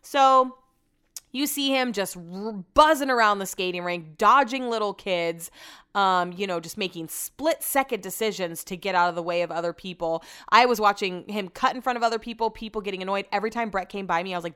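Woman podcast host, smooth voice, sarcastic chatty storyteller who swears a lot. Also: medium pitch, fairly quick, fairly bright tone.

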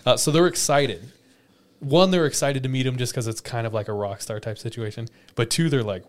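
A man's voice: medium pitch, a little fast. Laughing male podcast storyteller. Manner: animated, laughs often, acts out quoted lines. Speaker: podcast host telling a story. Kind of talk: casual storytelling chat.

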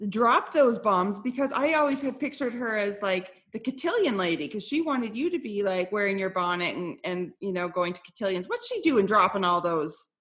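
A woman's voice: mid-range voice, expressive, a bit bright. A woman hosting a podcast, chatting in an upbeat, talkative way. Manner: upbeat, chatty, quick to laugh. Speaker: podcast host. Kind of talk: casual podcast chat.

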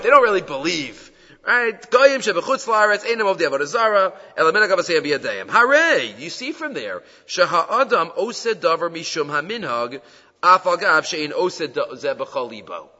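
A man's voice: on the high side, sharp tone. A man teaching a Torah class as a rabbi, speaking emphatically and reading out quoted Hebrew texts. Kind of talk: Torah lecture. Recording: dull lo-fi recording in an echoey hall.

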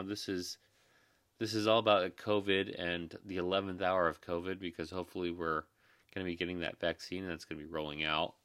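A tired young man, who is a new father and an emergency manager, hosts a casual podcast monologue in an earnest, reassuring, rambling way. His voice is low with a fairly bright tone, and there is no echo.

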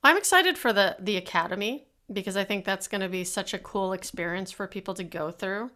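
Bright-voiced woman in casual podcast chat. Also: medium pitch, a little fast. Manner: lively, laughs easily, personal storytelling. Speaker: podcast co-host.

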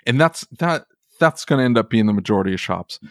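A man's voice: mid-range voice, lively intonation, quick pace, no room sound, studio quality. A man co-hosting a podcast, talking in an exasperated, heated way and swearing casually. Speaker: podcast co-host. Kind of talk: animated ranting podcast conversation.

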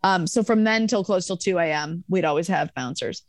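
A young adult woman, a podcast guest, telling a bar story in a casual, profane, animated way with acted-out quotes. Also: lowish voice, fairly quick, dry recording.

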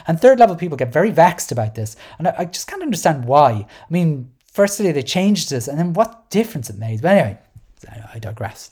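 Low-voiced sardonic woman. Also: a little mellow. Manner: sardonic, digressive, many restarts and fillers. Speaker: podcast host. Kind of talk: casual solo commentary.

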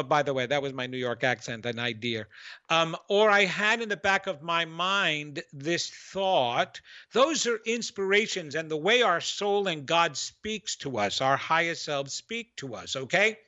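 Man, psychic call-in host, upbeat and preachy, high bright voice, on muffled lo-fi audio. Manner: enthusiastic, preachy, repeats words. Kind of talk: motivational radio call-in talk.

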